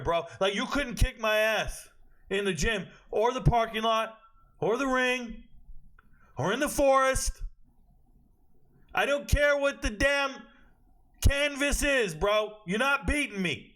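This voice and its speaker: A brash young man breaks down an upcoming fight in loose, profane slang. His voice sits high and comes out bright and forceful. He talks straight to his viewers. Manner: brash, animated, trash-talking with slang and profanity. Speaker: fight prediction host. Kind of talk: casual sports commentary.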